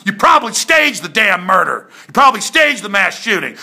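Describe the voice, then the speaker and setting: A male talk radio host in a furious political rant, shouting scornful tirades. His voice sits high and gravelly, with a sharp, forceful edge. The sound is dry and close. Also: sing-song, normal speed, hardly any pauses, no room sound. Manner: repetitive hammering delivery.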